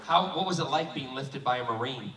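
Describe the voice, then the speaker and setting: A man's voice: medium pitch, expressive, brisk, very noisy. Playful man joking with a crowd. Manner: playful, teasing, camp banter. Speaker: convention panel guest. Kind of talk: live fan panel, joking with audience. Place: large convention hall with audience. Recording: echoey hall, distant, loud crowd.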